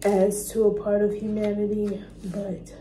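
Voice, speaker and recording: Tearful slow-talking woman vlogger. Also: on the high side, mellow, a little hiss or hum, low-quality recording. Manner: tearful, halting, heartfelt, full of restarts. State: crying. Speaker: reaction vlogger. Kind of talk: emotional casual monologue to viewers.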